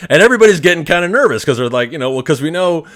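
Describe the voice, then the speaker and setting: A man's voice: a little high, fast. A man hosting a podcast, casually telling a long personal story with swearing and chuckles. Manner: animated, profane, chuckling storyteller. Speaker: podcast host.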